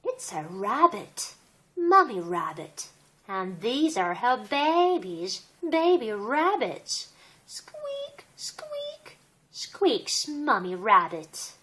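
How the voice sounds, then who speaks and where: Very slow, lively woman reading a storybook. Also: mid-range voice. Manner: gentle, sing-song, child-directed. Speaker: storybook reader. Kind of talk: reading a picture book to a child.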